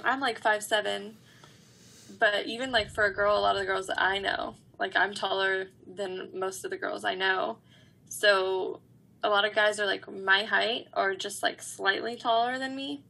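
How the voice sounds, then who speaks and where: Husky, gravelly woman, giggly and casual. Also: medium pitch, steady tone, moderate pace, bright, forceful tone. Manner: giggly, filler-heavy, easygoing. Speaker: podcast co-host. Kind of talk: casual chat.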